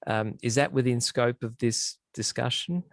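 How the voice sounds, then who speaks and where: A man joining a class over a video call, hesitant and halting as he asks a question and tells a joke. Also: medium pitch, steady tone, a bit bright, no room sound. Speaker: class participant.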